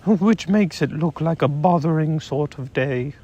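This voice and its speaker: A man voicing a gentle, muddled male teddy bear who talks in an earnest, puzzled way in a storybook reading. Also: fairly high pitch, a little slow, highs cut off.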